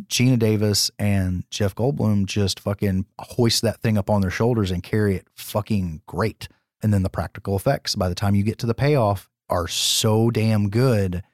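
A man with a lowish voice tells a movie's story on a podcast, swearing freely and getting animated. The sound is dry and close. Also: dry recording. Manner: profane, animated movie recapping. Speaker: podcast co-host. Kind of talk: casual chat.

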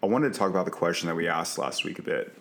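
A young man co-hosts a podcast in casual chat, his deep, fairly bright voice expressive and fast. He is easygoing and agreeable, often repeating words as he gets started.

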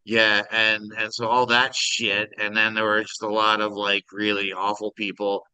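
A man's voice: lowish voice, flat delivery, normal speed, sharp tone, clear, resonant tone, no echo, poor audio. A man in his forties from Kansas, co-hosting a casual chat podcast over a video call, wry and rambling. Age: 40s. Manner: wry, rambling, does silly voices in his stories. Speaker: podcast co-host.

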